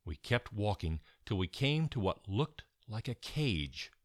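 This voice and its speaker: A man reading a children's chapter book aloud with an expressive, animated delivery. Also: on the low side, measured pace, no room sound, studio quality. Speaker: storyteller.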